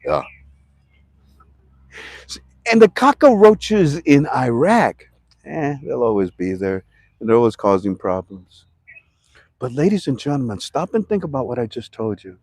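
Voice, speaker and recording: A man's voice: mid-range voice, unhurried, no echo. Guy rambling about currency, voice jumps all over, dry close sound. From Toledo, Ohio. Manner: animated, shouts for emphasis, talks to himself in two voices. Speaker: currency commentary vlogger. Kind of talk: casual rambling talk to camera.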